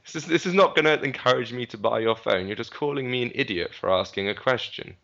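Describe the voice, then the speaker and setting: Low bright-voiced guy, sarcastic podcast banter, dull audio. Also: quick pace, vocal fry, slight background noise. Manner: sarcastic, mocking. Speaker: podcast co-host. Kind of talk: casual chat.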